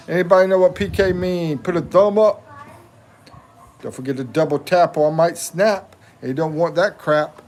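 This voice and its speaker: A man's voice: fairly high pitch, moderate pace, a little mellow, a little hiss or hum. A man in his fifties from the United States, hosting a casual livestream and joking with viewers as he reads their comments aloud. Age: 50s. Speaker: livestream host.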